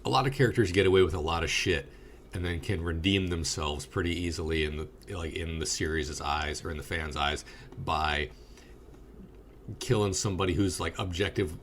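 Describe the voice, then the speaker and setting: A man with a very low voice co-hosting a casual movie review podcast. He talks bluntly and profanely, and there is a faint hiss under the recording. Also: normal speed. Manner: blunt, profane, animated storytelling. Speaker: podcast co-host.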